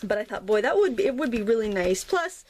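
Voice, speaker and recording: A woman's voice: on the high side, big pitch swings, fast talker, darkish tone, slight background noise. A middle-aged woman from New England, chatting and rambling while she teaches a watercolor painting tutorial, often laughing at herself. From New England, United States. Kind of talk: casual narrated painting tutorial.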